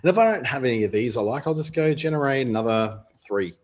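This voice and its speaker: Speaking quickly and animatedly in a medium pitch, an Australian man walks through a writing tool during an online webinar. His casual live demo is full of chat and thinking aloud, captured in dull lo-fi webinar audio.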